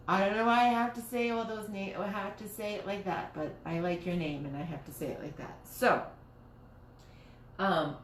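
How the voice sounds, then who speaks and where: Slow, chatty woman live-streaming from home. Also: mid-range voice. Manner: chatty, rambling, restarts her sentences. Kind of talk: casual live-stream chat while crafting. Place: home, dining room. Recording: roomy echoey home room, faint noise.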